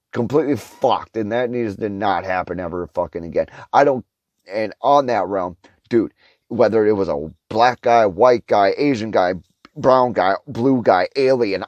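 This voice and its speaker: A man's voice: fairly low pitch, darkish tone, no room sound, highs cut off. A young man ranting his opinions in a vlog, heated and sarcastic, swearing in nearly every line. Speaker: vlogger. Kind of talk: profane opinion rant.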